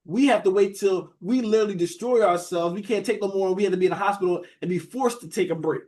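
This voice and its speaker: A man's voice: sits high, fast talker, darkish tone. A man teaching a Bible study in a casual, conversational sermon style, often asking the room questions and calling his listeners "beloved". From United States.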